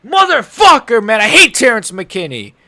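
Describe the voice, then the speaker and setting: A young livestream host reacts to a fight live, rambling excitably, swearing and swinging between mumbles and shouts. His voice is mid-range at normal speed, recorded dry.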